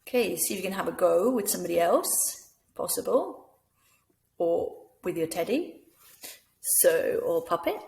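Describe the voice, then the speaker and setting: A middle-aged woman leads a language lesson at an unhurried pace. Her delivery is patient and encouraging, and she breaks each sound down carefully for learners. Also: on the low side, animated, creaky, a little mellow. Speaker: language teacher. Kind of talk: slow, clear classroom instruction.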